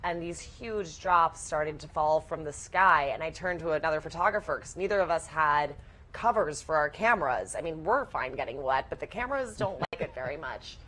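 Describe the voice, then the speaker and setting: Enthusiastic woman guest with a lower pitch. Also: expressive, normal speed, a bit bright, poor audio. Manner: enthusiastic, storytelling. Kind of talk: casual radio interview.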